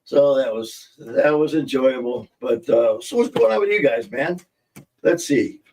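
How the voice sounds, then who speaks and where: Recorded at a distance on a streaming setup mic with a little hiss or hum, a man hosts a podcast live stream in casual chat. He's animated but unhurried, with a medium-pitched, darkish voice, telling rambling anecdotal stories and laughing at his own jokes.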